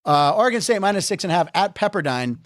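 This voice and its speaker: A man hosting a casual sports talk show, joking and bantering with quick stammered restarts. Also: high-pitched, animated, dry recording, studio quality. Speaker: host.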